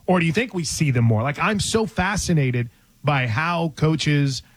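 A man co-hosting a sports talk show, animated and thinking aloud in casual chat. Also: a little high, a little slow. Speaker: podcast co-host.

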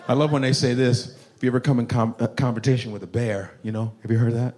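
A man from Chicago doing profane, animated stand-up comedy, telling stories. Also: medium pitch, fast talker, few pauses.

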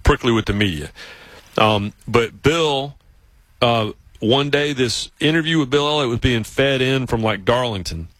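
A sports radio host with a Southern accent tells stories in a lively way and slips into mimicking other voices. His voice sits at an ordinary male pitch and sounds dry and close to the studio mic. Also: no echo, low-quality recording. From South Carolina, US South. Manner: animated storyteller, mimics other voices, laughs often. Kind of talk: casual radio storytelling. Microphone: studio microphone.

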